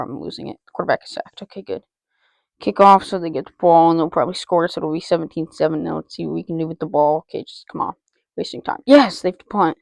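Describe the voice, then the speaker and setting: A woman giving excitable live commentary on her own football video game, repeating player names and talking to herself as she plays. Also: mid-range voice, vocal fry, no echo. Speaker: gaming channel host.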